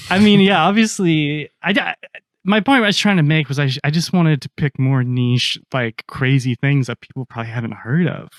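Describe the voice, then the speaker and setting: A man's voice: fairly high pitch, moderate pace, no room sound, clean studio sound. A man co-hosting a podcast, telling stories in casual chat with a loose, swearing manner. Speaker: podcast co-host.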